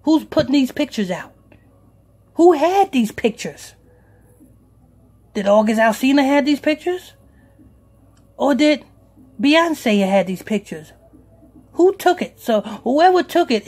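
A man's voice: extremely high pitch, darkish tone. A man hosting a talk radio show as pastor, ranting emphatically with profanity.

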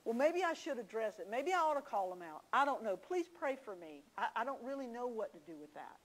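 A woman's voice: fairly high pitch, sing-song, brisk, poor audio. A woman teaching a church class, telling homey stories with confiding asides. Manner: folksy storytelling, confiding asides.

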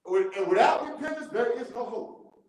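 A man leading a church Bible study, animated, repeating key words and laughing often as he teaches. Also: extremely high pitch, normal speed. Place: church room. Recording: very echoey church room.

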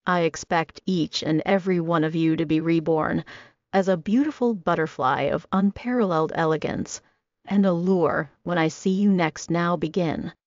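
A woman's voice: on the low side, moderate pace, darkish tone, no echo, natural voice. A woman voicing a cold, domineering wealthy hostess, speaking in a commanding, condescending way. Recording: dry, slightly dull audio.

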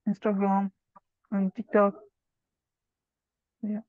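A hesitant woman taking an English test as a learner speaks at a medium pitch in a monotone, halting often with pauses and fillers. The audio is tinny and phone-like, as on a call, with no echo.

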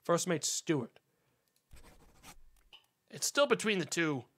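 A man's voice: fairly high pitch, big pitch swings, slow, fairly bright tone. A man streaming a mystery game, thinking aloud casually and talking to his chat as he works things out. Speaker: gaming streamer. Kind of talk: casual live-stream commentary.

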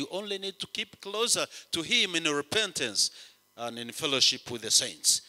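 Bishop preaching in a reverberant chapel. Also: male voice, mid-range voice, sing-song, moderate pace. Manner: rhythmic, repetitive preaching cadence with rising emphasis and hushed drops. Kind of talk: sermon.

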